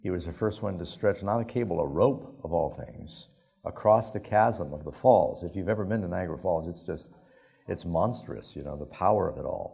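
A man's voice: low voice, moderate pace, creaky, warm tone, slightly rough. A male pastor preaching a sermon, telling anecdotes in a folksy, conversational way. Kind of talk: sermon storytelling.

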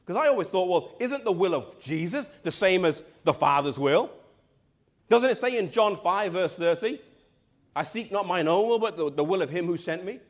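A male preacher with a high voice delivers an emphatic sermon. He speaks straight to the congregation, slows down to stress key words and sometimes sinks to a near-whisper. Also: expressive. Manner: addresses the congregation directly.

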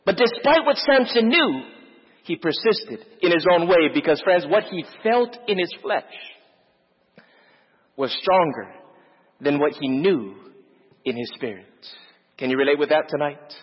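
High-voiced preacher in an echoing hall. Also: male voice, sing-song, measured pace, long pauses, breathy edge, highs cut off. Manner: emphatic preaching, repeats key phrases. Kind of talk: sermon.

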